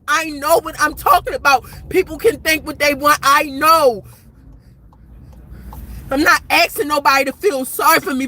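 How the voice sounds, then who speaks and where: Agitated high bright-voiced woman in her forties. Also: low-quality recording. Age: 40s. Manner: agitated, rambling, repeats herself. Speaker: vlogger. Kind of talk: impassioned to-camera rant. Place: outdoors at night.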